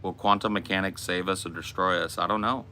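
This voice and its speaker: A man's voice: deep voice, fairly even intonation, fairly quick, bright, forceful tone, slight background noise. An American man hosting a casual Q and A, blunt and laid-back, swearing often. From United States. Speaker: podcast host. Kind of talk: casual Q and A with chat.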